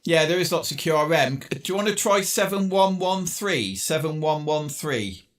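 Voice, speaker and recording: Chatty English radio ham. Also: male voice, high-pitched, moderate pace, a bit bright. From England. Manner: chatty, friendly, talks to himself between contacts. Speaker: amateur radio operator. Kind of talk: casual on-air radio chat.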